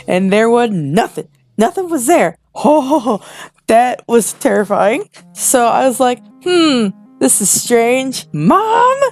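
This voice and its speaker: A young woman tells a ghost story in a casual, animated way, tumbling through asides. Her voice has some gravelly fry at the ends of phrases. Soft music plays quietly under her. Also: medium pitch. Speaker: storytelling vlogger. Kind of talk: casual ghost story narration over drawing.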